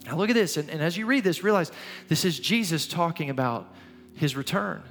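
In a church sanctuary, a pastor preaches a sermon in an earnest, urging way, often repeating his phrases. His voice is a little high, animated and brisk. The recording carries long hall reverb and soft music.

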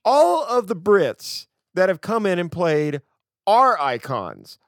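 A man's voice: sits high, sing-song, slow pace, no echo, studio quality. A man from the United States co-hosting a casual film podcast, ranting emphatically with sarcastic asides. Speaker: podcast co-host.

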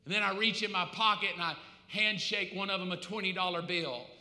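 Bright, high-voiced preacher in an echoey hall. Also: male voice, fairly quick. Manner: dramatic, swings from loud preaching to hushed confessional asides. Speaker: pastor. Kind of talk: sermon.

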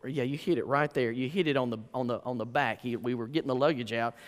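A man's voice: mid-range voice, fast. A man preaching a sermon, telling a story with folksy asides and repeated rhetorical questions. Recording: echoey hall.

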